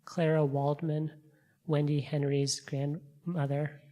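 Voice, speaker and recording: Slow, flat-voiced service leader. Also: mid-range voice. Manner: measured, even reading of a list. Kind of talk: reading names of the departed.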